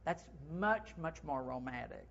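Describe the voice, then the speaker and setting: A man's voice: a little high, unhurried. Playful man giving sales tips, dull audio. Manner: playful, animated, acts out sample phrases. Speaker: retail consultant; segment host.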